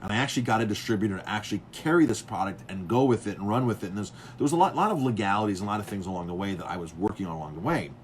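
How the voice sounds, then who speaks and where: A chef and restaurant owner chats casually in a lowish voice, racing along with few pauses over a faint hiss or hum. He tells rambling stories about beer, full of fillers and restarts, acting out other people's lines as an animated storyteller.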